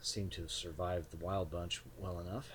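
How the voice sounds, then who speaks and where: A man voicing a spare, middle-aged gunsmith, polite and measured. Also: low-pitched, fairly even intonation, heavy background noise, close to an everyday voice.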